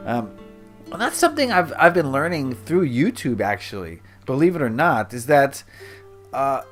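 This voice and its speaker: A man's voice: medium pitch, very animated, moderate pace, a bit bright, faint music behind. A man hosting his gaming channel, chatting casually and rambling to himself while he builds.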